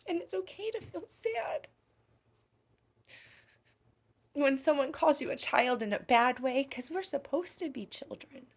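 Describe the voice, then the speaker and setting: A woman voicing a playful, affectionate childlike frog in whispered role-play, with soft gasps and a singsong lilt. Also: very high voice, heavily acted. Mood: tender, tearful. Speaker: children's storyteller.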